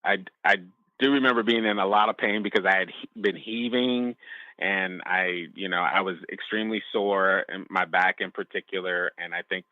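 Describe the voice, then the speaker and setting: A man sharing a personal testimony as a podcast guest, speaking in a halting, reflective way with frequent restarts. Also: low-pitched, fairly even intonation, dry recording, highs cut off.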